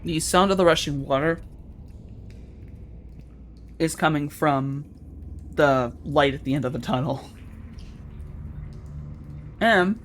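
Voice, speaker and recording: Guy gm narrating a tabletop game, calm and descriptive, slightly high voice, faint hiss behind. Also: slow pace, long pauses. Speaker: game master.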